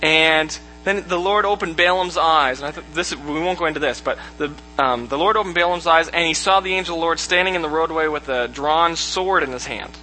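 Man, bible lesson storyteller, bright tone, animated and jokey, faint hum behind. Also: on the high side, fairly quick, few pauses, poor audio. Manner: animated, jokey, acts out characters' lines. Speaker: Bible study teacher.

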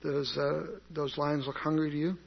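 A man's voice: fairly high pitch, little pitch movement, normal speed, creaky. A man teaching an interactive Bible class in a conversational way, asking the group questions and answering them himself. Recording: dull lo-fi recording.

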